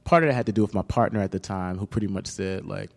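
A man's voice: low-pitched, quick pace, gravelly, a little mellow, big-room sound. A man in his thirties, an author and guest in an interview, telling a personal story candidly and emotionally, with casual slang.

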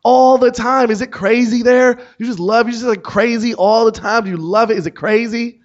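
A man's voice: very high voice, steady tone, darkish tone, pitched above the performer's own voice. A man putting on the voice of a chatty, overexcited woman at a bar who gushes and fires off nosy questions. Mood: gushing. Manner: gushing, rapid-fire nosy questions. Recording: dull lo-fi sound.

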